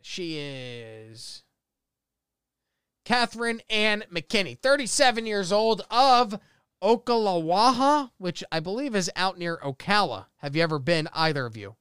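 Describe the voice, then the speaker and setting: High-voiced, clear-toned man hosting a comedy podcast. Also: big pitch swings, a little slow, a bit bright, dry recording, studio quality. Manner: reads out news stories, laughs often. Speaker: podcast host. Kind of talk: casual comedy chat.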